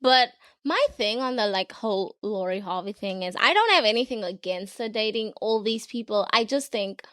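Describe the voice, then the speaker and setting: A woman hosting a podcast in casual chat, playful and animated as she leads the talk. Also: medium pitch, normal speed, no echo, clean studio sound. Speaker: podcast host.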